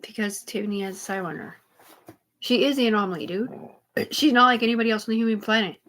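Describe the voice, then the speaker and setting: A woman's voice: mid-range voice, fairly bright tone. A woman livestreaming a rambling, profane monologue, jumping between thoughts in an agitated way. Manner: rambling, profane, rapid digressions; agitated, repeatedly says "dude". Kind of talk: rambling live-stream monologue.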